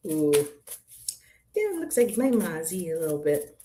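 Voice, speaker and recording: A woman's voice: on the low side, very animated, normal speed, warm tone, slight background noise. A woman hosting a casual livestream, chatting with viewers by name and doing card readings, rambling and laughing often. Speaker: tarot reader and livestream host. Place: apartment room.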